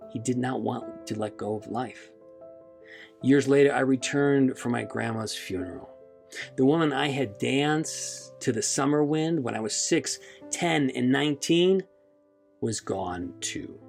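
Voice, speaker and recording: Slow, gravelly-voiced man telling his story. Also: medium pitch. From United States. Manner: slow, reflective and heartfelt. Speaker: podcast host. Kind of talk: scripted personal narration.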